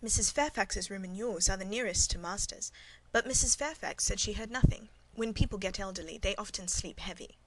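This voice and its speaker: A woman reading the part of a guarded middle-aged female servant who speaks with calm, demure composure. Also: mid-range voice, brisk, hardly any pauses, close to an everyday voice, rough recording. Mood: composed. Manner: calm, demure, matter-of-fact.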